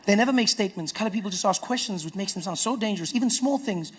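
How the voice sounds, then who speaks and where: A man with a South African accent doing stand-up comedy, telling stories with animated delivery. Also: sits high, racing, hardly any pauses, slightly rough. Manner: animated storytelling, acting out characters.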